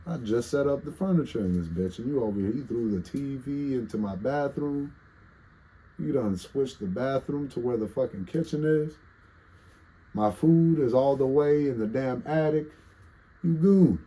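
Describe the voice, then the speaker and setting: An offended male spider rants about his ruined home, put on by a man. The voice sits a step higher than a natural deep tone and stays nasal and husky. It is a streetwise, profane complaint from a very small creature. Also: lively intonation, normal speed, dark tone, rough recording. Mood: indignant. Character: indignant little house spider, male, evicted tenant.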